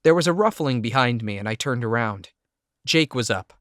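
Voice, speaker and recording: A man reading a first-person audiobook narration in a steady, measured way. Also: medium pitch, no room sound, clean studio sound.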